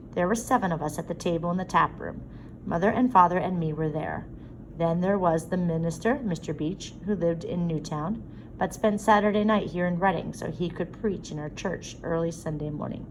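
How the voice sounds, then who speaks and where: A woman narrating a story aloud in a steady reading voice. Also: on the low side, normal speed, a little hiss or hum, rough recording. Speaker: audiobook reader.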